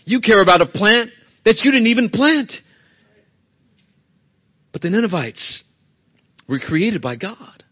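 A man's voice: high voice, sing-song, measured pace, pauses often, slightly rough, highs cut off. A male pastor preaching a sermon in an earnest, emphatic way, often asking the congregation rhetorical questions.

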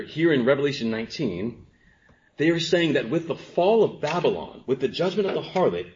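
Man preaching with hushed-to-emphatic swings. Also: mid-range voice, slight background noise. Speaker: pastor. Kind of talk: sermon. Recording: dull lo-fi sermon recording.

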